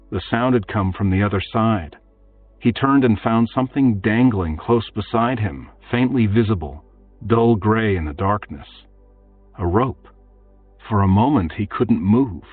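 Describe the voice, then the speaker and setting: A man narrating a fantasy audiobook in a steady, measured storytelling manner. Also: on the low side, breathy edge, dry recording. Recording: tinny phone-like, distant, faint music.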